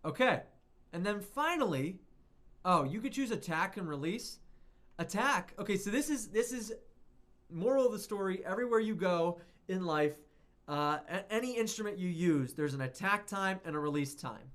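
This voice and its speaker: A man's voice: high-pitched, expressive, normal speed, a bit bright. A man giving a casual, rambling lesson on music production, often correcting himself as he goes. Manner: chatty, rambling, self-correcting.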